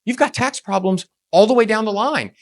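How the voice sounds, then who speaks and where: A man giving a motivational presentation on real estate tax strategy, with a punchy, emphatic, rapid-fire delivery. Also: high voice.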